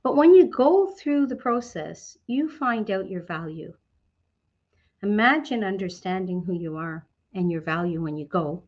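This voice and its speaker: She's a Canadian woman delivering an animated motivational talk to a business network, regularly asking and then answering her own questions. Her mid-range voice moves a little slowly, and the top end of the sound is cut.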